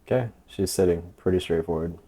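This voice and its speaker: A man coaching in a casual instructional voice-over, relaxed and loose, with lots of fillers. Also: sits low, brisk, noisy background. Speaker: dating coach.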